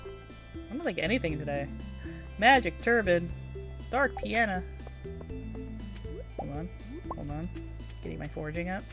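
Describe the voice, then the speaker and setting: A woman's voice: fairly low pitch, lively intonation, a little slow, vocal fry, long pauses, music in the background. A woman streamer chatting casually and giggling while she plays a game. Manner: chatty and giggly, talks to herself while playing. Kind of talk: casual gameplay commentary.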